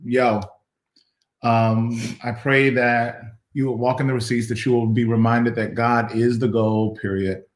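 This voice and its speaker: A man hosting a casual show as pastor, playful and teasing, now and then bursting into falsetto song. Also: level tone, measured pace, roomy sound. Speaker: pastor and host. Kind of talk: casual livestream chat.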